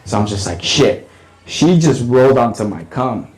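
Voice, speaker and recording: Man, stand-up comic, rambling and filler-heavy, mid-pitched voice, comedy club stage. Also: animated, normal speed, darkish tone, poor audio. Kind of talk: stand-up storytelling.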